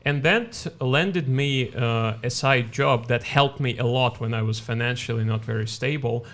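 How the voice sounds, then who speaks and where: A man with a Russian accent talks as a podcast guest in a mid-pitched voice. He hesitates often, repeats himself as he searches for words, and breaks into laughter while telling stories. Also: normal speed, a bit bright. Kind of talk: casual chat.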